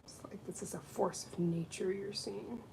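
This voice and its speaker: A woman's voice: mid-range voice, moderate pace, gravelly, a little hiss or hum, low-quality recording. A woman doing nails and chatting casually on a livestream while she works. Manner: chatty, with lively quoted voices. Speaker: nail technician.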